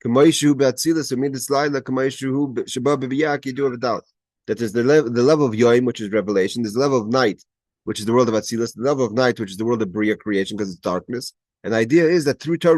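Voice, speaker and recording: Over video call, a teacher with a medium-pitched, darkish voice guides a Torah study class through a Hebrew text line by line, moving between Hebrew quotations and his own English explanation. The audio is close and dry with no room sound. Frequent stumbles and restarts give way to forceful emphasis on his main points.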